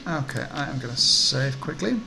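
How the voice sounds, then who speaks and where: Gravelly male let's play host reading text, mid pitch, faint hiss. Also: animated, normal speed, pushed and bright, poor audio. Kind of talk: reading game text aloud.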